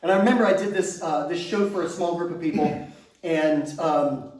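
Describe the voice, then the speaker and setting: A high-voiced man doing stand-up in an echoey club, heard from a distance off the stage mic. He tells his story in a loose, self-amused way, with crude punchlines. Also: moderate pace, a little mellow. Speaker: stand-up comedian. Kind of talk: stand-up comedy set. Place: comedy stage before a laughing audience. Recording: echoey club room, voice from far off.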